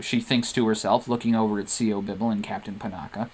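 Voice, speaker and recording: A man narrates a comedy story with a playful, animated delivery. His pitch climbs and dips a lot as he tells it, at a medium height overall. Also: moderate pace, few pauses, husky. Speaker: host and narrator.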